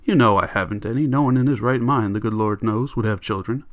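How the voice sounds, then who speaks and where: A man's voice: fairly low pitch, brisk, dry recording, clean studio sound, close to an everyday voice. A man reading a novel aloud, voicing a shallow, prickly housewife who speaks indignantly. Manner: indignant, snippy.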